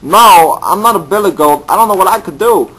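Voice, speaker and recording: A guileless storybook sheep who speaks plainly and innocently, with a lively high voice, as a man puts him on. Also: a little fast, slightly rough, heavily acted, rough recording. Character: naive, friendly male sheep.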